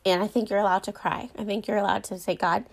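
A young adult woman shares her thoughts in a relaxed, heartfelt monologue. She talks earnestly and loosely, circling back on herself with plenty of fillers. Her voice sits at an ordinary middle pitch. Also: quick pace, creaky. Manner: earnest, rambling, many "like" and "um" fillers. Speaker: Christian speaker sharing faith reflections.

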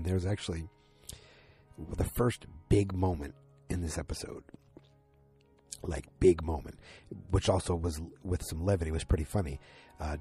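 Male recapper, low pitched, loose rambling delivery, raspy. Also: dark tone. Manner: rambling, many fillers and restarts, acts out quotes. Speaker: TV episode recapper. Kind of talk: casual spoken recap.

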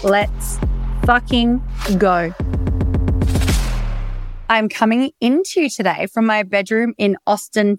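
A woman's voice: medium pitch, no echo. A woman with an Australian accent hosting a casual solo podcast from her bedroom, talking energetically in a chatty storytelling way and swearing freely. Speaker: podcast host.

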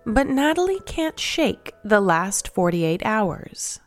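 A woman's voice: medium pitch, big pitch swings, slow pace, faint music behind. A woman reading scripted podcast narration in a dramatic, suspenseful storytelling manner.

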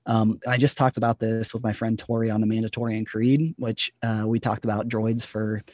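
A man's voice: fairly low pitch, flat delivery, normal speed, a little mellow, no room sound. A man guesting on a podcast, chatting enthusiastically with frequent laughs. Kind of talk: casual podcast chat.

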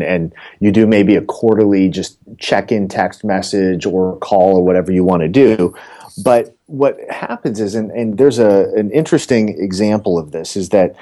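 A middle-aged man coaching real estate agents in a casual podcast chat, telling animated stories and acting out the people in them. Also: on the low side. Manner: animated storyteller acting out quotes.

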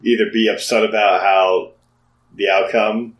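Lively low-voiced co-host in an echoey room. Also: male voice, unhurried. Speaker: podcast co-host. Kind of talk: casual podcast chat.

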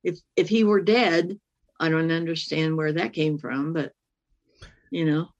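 A woman guest telling a personal story in an earnest, halting way, often restarting and reliving the dialogue. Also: low voice, steady tone, darkish tone, lo-fi sound. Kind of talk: emotional first-person storytelling.

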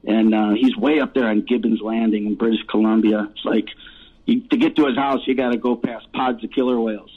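Over a tinny, phone-like line, a husky man in his fifties, a musician guest, tells rambling stories full of laughter and swearing in a casual interview. His voice is fairly low, fairly even in intonation, and fairly quick.

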